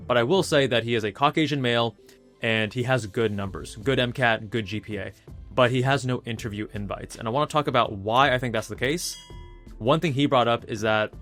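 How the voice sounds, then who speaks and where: A man's voice: mid-range voice, a bit bright. A man in his thirties, a YouTube host and doctor, talking casually as he walks through admissions statistics step by step. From South Asian heritage. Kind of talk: casual explainer talk.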